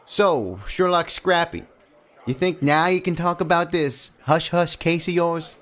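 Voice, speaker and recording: A man voicing a gruff, chatty diner cook who pries for gossip, in an audiobook. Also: fairly high pitch, measured pace, a bit bright. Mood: nosy chatty. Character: gruff, nosy male diner cook, middle-aged.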